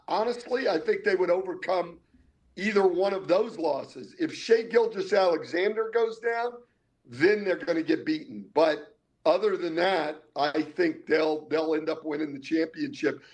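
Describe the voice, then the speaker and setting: Higher-voiced older man analyzing basketball. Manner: analytical, repeats words when starting a thought. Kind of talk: casual sports talk.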